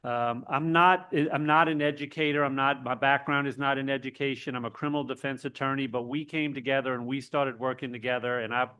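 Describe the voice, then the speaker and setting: A man giving earnest public testimony at a hearing, halting and full of restarts. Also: medium pitch, steady tone, bright, forceful tone, clear, resonant tone, highs cut off. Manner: earnest, halting, with many restarts, turns emotional. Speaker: public commenter, state legislator.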